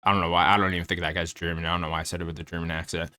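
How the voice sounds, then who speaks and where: Low-voiced laid-back man talking fights. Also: level tone, racing, bright, forceful tone. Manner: laid-back, rambling, lots of fillers and mild swearing. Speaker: MMA commentary YouTuber. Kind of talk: casual fight preview commentary.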